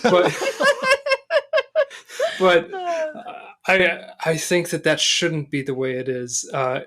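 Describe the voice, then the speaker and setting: A man co-hosting a gaming podcast, speaking in a tongue-in-cheek way and often pausing to restart his sentences. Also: fairly high pitch, wildly swooping pitch, sharp tone. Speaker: podcast co-host. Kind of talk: casual podcast chat.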